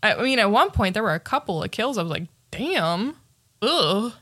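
A woman's voice: medium pitch, lively intonation, fast, fairly bright tone, dry recording, clean studio sound. A woman co-hosting a podcast, chatting animatedly about a movie and laughing often. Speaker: podcast co-host. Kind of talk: casual movie review chat.

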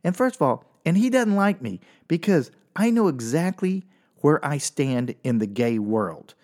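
Telling a personal story on stage, a stand-up comic delivers it with exaggerated animation, his voice leaping upward abruptly at the punchlines. He speaks somewhat slowly in a fairly high register.

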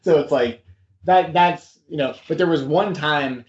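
A man's voice: on the high side, measured pace, darkish tone. A man from the United States hosting a podcast interview, laid-back and chatty, often calling the guest dude and man. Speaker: podcast host. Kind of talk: casual interview chat. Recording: roomy, dull lo-fi audio.

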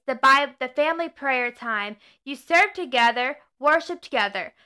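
Bright high-voiced woman hosting a podcast. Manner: earnest, preachy, with self-corrections. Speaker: podcast host. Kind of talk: casual faith podcast talk.

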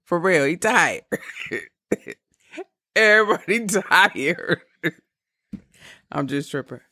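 A woman of about fifty talks through relationship advice in a slow, blunt, candid way and swears freely. Her voice is gravelly with a rough fry. The sound is dry and close. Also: on the low side, expressive, sharp tone, no room sound. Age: around 50. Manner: blunt, profane, candid with laughing asides. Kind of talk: casual advice monologue.

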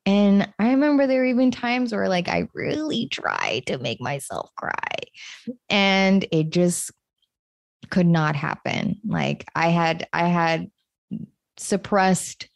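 Woman podcast host, solo monologue; slow, reflective, slightly low voice, dry close sound. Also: sing-song, gravelly, no room sound. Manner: reflective and unhurried, with gentle stresses.

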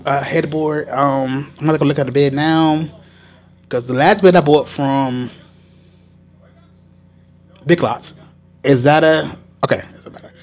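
A man, co-hosting a casual podcast chat, rambling with lots of fillers and casual swearing. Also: mid-range voice. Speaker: podcast co-host.

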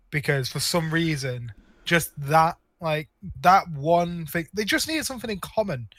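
A man's voice: a little high, a bit bright, no room sound. A man co-hosting a casual film review podcast, blunt and sarcastic, with frequent swearing. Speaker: podcast co-host.

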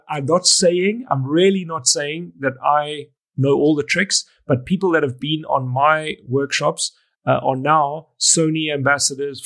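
A man's voice: a little high, gravelly. A middle-aged man, a wedding photographer and educator, telling stories in an interview and acting out the conversations he recalls. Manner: animated, acts out conversations, frequent restarts. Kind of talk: storytelling in a podcast interview.

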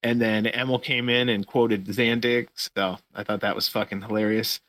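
A man hosting a casual podcast, talking through a recap in loose, profane play-by-play. His voice is bright and forceful, recorded close and dry with no room sound. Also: lowish voice, fairly even intonation, normal speed, no room sound. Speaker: podcast host.

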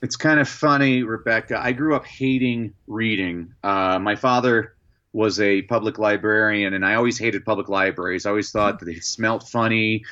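Lively man telling anecdotes, dull sound. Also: on the low side, moderate pace. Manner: lively anecdotes, frequent "uh" fillers. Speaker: guest, educator and motivational speaker. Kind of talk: storytelling in a podcast interview.

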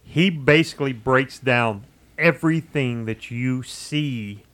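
Man co-hosting a podcast, emphatic, mid-pitched, casual and animated. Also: takes it slowly. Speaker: podcast co-host. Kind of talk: casual chat.

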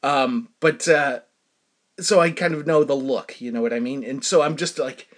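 A man's voice: medium pitch, normal speed. A middle-aged man hosting a show, telling a personal story in a casual, rambling way full of fillers and bursts of laughter. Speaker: show host.

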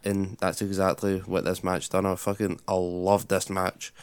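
Low-voiced man with a blunt sweary recap. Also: monotone, moderate pace, clear, resonant tone, dry recording. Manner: blunt play-by-play retelling with swearing. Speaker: podcast co-host recapping matches. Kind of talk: casual recap.

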